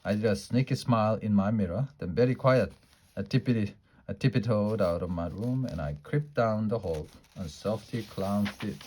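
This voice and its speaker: A man with a fairly low voice reads a children's book aloud. He keeps it lively and playful. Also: normal speed, breathy edge. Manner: lively, playful character voices in a child's first-person story. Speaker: storybook reader.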